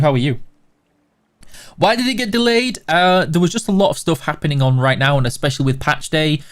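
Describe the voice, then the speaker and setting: Man, livestream host, higher-pitched voice, casual chat, greets viewers by name, friendly and teasing. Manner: reads chat names aloud and answers questions.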